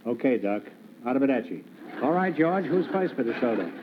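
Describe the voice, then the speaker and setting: A man hosts a quiz show, teasing his contestants with quick wisecracks. His pitch is ordinary for a man. The sound is tinny and narrow, like a telephone, with a faint hiss underneath. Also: sing-song. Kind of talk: wisecracking game show banter. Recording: tinny 1950s broadcast recording.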